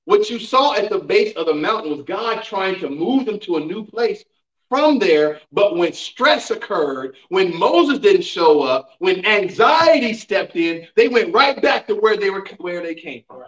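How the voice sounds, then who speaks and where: In a church sanctuary, a man pastor teaches a Bible class, preaching emphatically with call-and-response and rhetorical questions to the congregation. His voice sits high and fairly bright, with lively intonation at a measured pace. The distant mic gives a roomy, dull sound.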